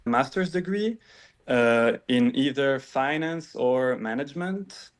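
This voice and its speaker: A man answering speaking-test questions with hesitant, formal phrasing. His voice is smooth and resonant. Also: mid-range voice, expressive, slow. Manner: hesitant, formal phrasing with small grammar slips. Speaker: test candidate.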